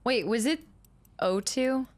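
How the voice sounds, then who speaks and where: A woman with a slightly high voice talks through her gameplay as a streamer. She mutters number combinations under her breath, chats with her viewers in a casual way and laughs often. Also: lively intonation, slow. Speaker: gaming streamer. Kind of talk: let's play commentary.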